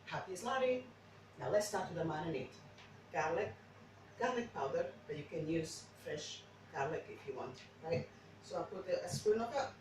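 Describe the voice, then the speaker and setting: A woman's voice: low-pitched, animated, normal speed. Woman, non-native English, casual cooking demo, rambling, echoey, distant mic, noisy background. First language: not English. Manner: chatty, rambling, frequent restarts. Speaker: home cook. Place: home kitchen.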